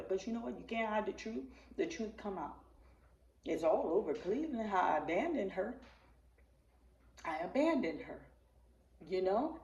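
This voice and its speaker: A woman's voice: medium pitch, gravelly, darkish tone, slight background noise. A woman vlogger speaking with raw, repetitive intensity, calling her viewers family and pleading with them. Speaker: channel host. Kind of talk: emotional direct-to-camera vlog. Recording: roomy, distant, slightly dull sound.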